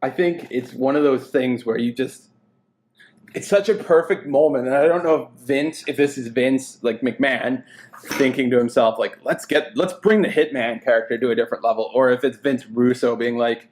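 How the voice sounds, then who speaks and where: A man's voice: medium pitch, darkish tone. A man hosting a podcast in casual, chatty talk with frequent laughter. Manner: chatty, laughing, does quick impressions. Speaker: podcast host. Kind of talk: casual chat.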